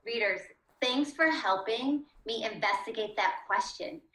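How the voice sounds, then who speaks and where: A woman's voice: a little high, unhurried, sharp tone, reverberant, poor audio. A woman teaching a reading lesson to children, asking the class questions and encouraging them.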